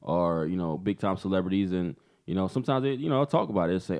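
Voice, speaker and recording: A man co-hosting a podcast, talking in an animated casual way and repeating words as he jumps in. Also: sits low, fast, hardly any pauses. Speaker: podcast co-host. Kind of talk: casual chat.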